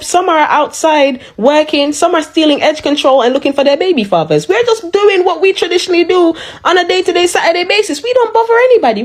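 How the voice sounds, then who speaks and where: A woman delivers a sarcastic, roasting rant into her phone in casual social-media style. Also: high-pitched.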